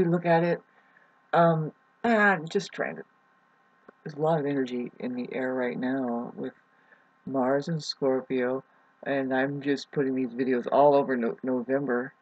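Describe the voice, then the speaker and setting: An astrology vlogger in her forties, a woman with a husky, slightly breathy bass voice, rambles casually about astrology. Her speech is halting, full of "um"s, stops and restarts, and the lo-fi recording sounds dull and muffled.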